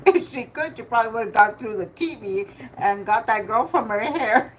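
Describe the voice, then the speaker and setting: An older woman hosts a casual livestream bingo game, chatting, laughing often and greeting her viewers by name. Her voice is fairly high and a bit bright, with lively intonation at a moderate pace. There is slight background noise.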